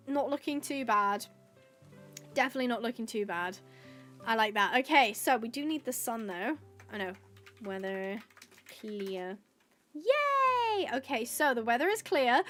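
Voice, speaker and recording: A high-pitched woman talks through a casual livestream, bubbly and chatty and full of thanks for her viewers. Quiet music plays faintly underneath her voice. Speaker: livestreaming gamer.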